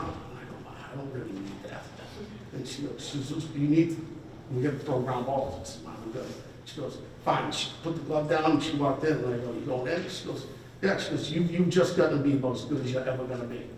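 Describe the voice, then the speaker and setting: A man's voice: medium pitch, brisk, far from the mic, a little hiss or hum. Man in his fifties, rambling informal speech, joking asides, echoey banquet hall heard from afar. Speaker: hall of fame inductee giving a speech.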